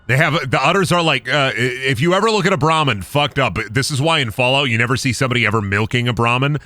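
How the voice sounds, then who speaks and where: A man's voice: medium pitch, fast, bright, forceful tone, dry recording. A young man streaming a game, rambling through goofy jokes, swearing, and chatting with his audience. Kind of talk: casual game-stream commentary.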